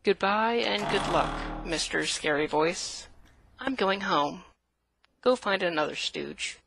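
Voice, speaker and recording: Sarcastic woman with a gravelly voice. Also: lowish voice, lively intonation, takes it slowly, background noise. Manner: sarcastic, snappy and defiant. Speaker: protagonist in a comic audio story.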